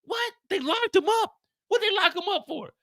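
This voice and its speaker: A man voicing a defensive young woman in a high, shrill, exasperated voice. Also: expressive, normal speed, sharp tone, full character voice. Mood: alarmed.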